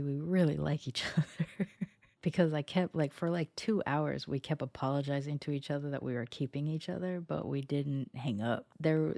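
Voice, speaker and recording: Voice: mid-range voice, gravelly, darkish tone, no echo. Scratchy-voiced podcast host, just woken. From United States. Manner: chatty and meandering, often circling back mid-sentence. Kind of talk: casual solo podcast monologue.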